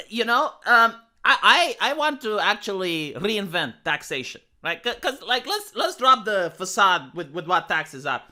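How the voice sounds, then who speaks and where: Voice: medium pitch, pushed and bright. A commentary streamer from Romania with a Romanian accent, talking sarcastically and mockingly with many restarts.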